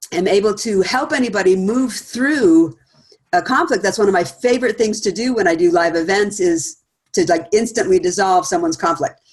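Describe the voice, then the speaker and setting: A woman's voice: medium pitch, a little mellow. A middle-aged woman presenting a talk in a casual, conversational way, laughing often and acting out quoted remarks. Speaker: speaker series presenter.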